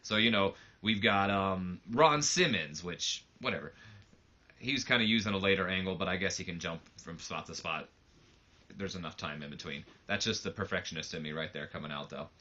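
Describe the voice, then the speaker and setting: Casual male let's-play host, rambling and self-deprecating, bright tone, lo-fi mic. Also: deep voice, a little fast. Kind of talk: casual game commentary.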